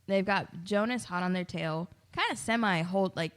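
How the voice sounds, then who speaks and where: A woman's voice: fairly low pitch, normal speed. A woman co-hosting a podcast, recapping film scenes in a casual, agreeable way. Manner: agreeable, recaps scenes, says "yeah" a lot. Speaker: podcast co-host. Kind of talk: casual movie discussion.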